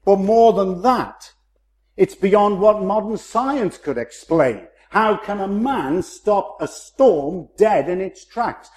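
His voice is high with a darkish tone as he preaches a sermon. He is measured and emphatic, slowing down to stress key phrases.

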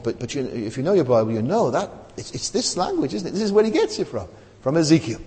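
A man's voice: medium pitch, darkish tone. A middle-aged man preaching a sermon in a chapel, talking in a conversational way and often asking "isn't it?". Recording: long hall reverb.

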